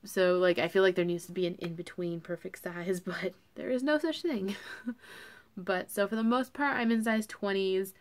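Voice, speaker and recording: Young woman vlogging, rambly and chatty, lots of likes and ums, middle pitch. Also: steady tone, moderate pace. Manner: chatty, full of fillers and "like". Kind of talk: casual chat to camera.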